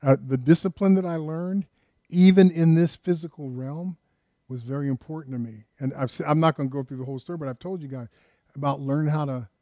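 An older male pastor preaches in an emphatic, questioning way, pressing his listeners for answers. His voice sits a bit high for a man. The sound is close and dry, with no room around it. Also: brisk, dark tone, no room sound. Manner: emphatic, asks the congregation many questions. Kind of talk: sermon.

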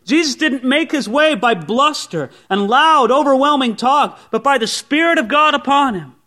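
Man, pastor preaching to a congregation, high voice, bright tone, conversational. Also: expressive, normal speed. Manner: conversational, voices imagined objections. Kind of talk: expository sermon. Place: church service before a congregation.

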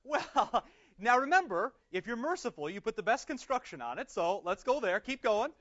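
A man, a pastor, teaches a Bible class in a lively, conversational way, putting questions to the group and slowing down to read prayers aloud. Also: extremely high pitch. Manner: lively, conversational, asks questions and answers them. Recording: dull lo-fi recording.

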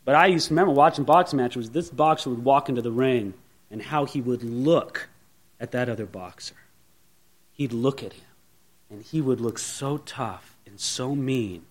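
A pastor preaching a sermon with animated, theatrical storytelling. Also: male voice, mid-range voice, moderate pace.

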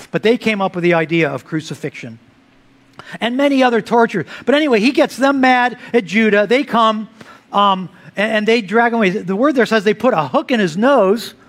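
A pastor preaching a sermon, swinging between loud emphatic lines and hushed, quiet asides. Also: male voice, high-pitched.

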